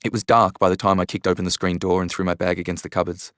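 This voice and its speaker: Low-voiced male audiobook narrator. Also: flat delivery, fast, fairly bright tone, no room sound, clean studio sound. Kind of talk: first-person audiobook narration.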